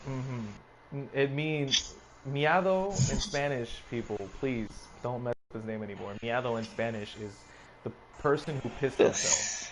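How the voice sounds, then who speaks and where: A man's voice: medium pitch, measured pace, background noise. Laid-back male podcast host. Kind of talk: casual podcast chat.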